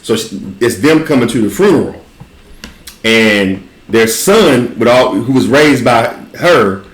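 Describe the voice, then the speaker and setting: A man's voice: mid-range voice, lively intonation, a little slow. Rambling man in an echoey room. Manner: loose rambling storytelling with frequent restarts and laughter. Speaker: podcast host. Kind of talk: casual chat. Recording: roomy echo.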